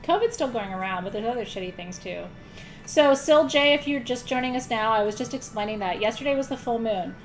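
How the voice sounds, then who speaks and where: Brisk and expressive, with a fairly high pitch, this middle-aged woman hosts an online spiritual ceremony over live stream while faint music plays. Her talk is casual and self-mocking, sprinkled with light swearing and frequent laughter.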